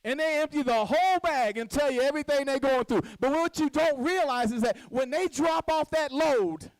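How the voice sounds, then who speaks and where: A woman's voice: medium pitch, darkish tone, dry recording, low-quality recording. A woman giving a motivational speech from a podium at a conference, acting out little scenes and quizzing the audience. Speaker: conference speaker. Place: stage at a podium.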